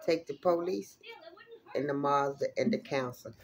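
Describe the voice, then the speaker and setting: A woman giving a casual tarot reading, animated and exclamatory, with plenty of salty, profane asides. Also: a bass voice, moderate pace, slight background noise. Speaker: tarot reader.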